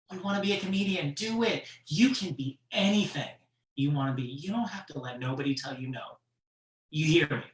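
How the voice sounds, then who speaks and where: A comedian telling stories on a virtual show, in an animated way with frequent laughs. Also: mid-range voice, far from the mic. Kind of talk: stand-up storytelling on a virtual show. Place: room at home for a virtual show. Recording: echoey room, off-mic.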